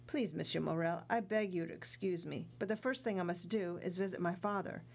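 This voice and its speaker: A woman's voice: on the low side, brisk, gravelly, a little mellow. A woman reading the part of an earnest young male sailor in an audiobook, respectful and sincere.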